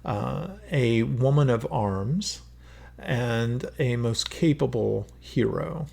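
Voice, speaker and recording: A man's voice: mid-range voice, slow, vocal fry, a little mellow, exaggerated voice. A man voicing a polite male court advisor who formally presents guests to the king.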